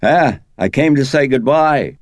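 A man with a very deep, gravelly voice reading an audiobook, voicing an older male police detective who murmurs and half-whispers, mournful and probing. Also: wildly swooping pitch, slow, warm tone, no echo, studio quality, exaggerated voice. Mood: wistful, probing.

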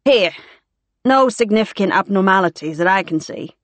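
A woman's voice: medium pitch, expressive, normal speed, dry recording, natural voice. Polite soothing radiographer done by a woman, dry audiobook sound. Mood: reassuring. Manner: reassuring, polite. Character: calm, polite male radiographer.

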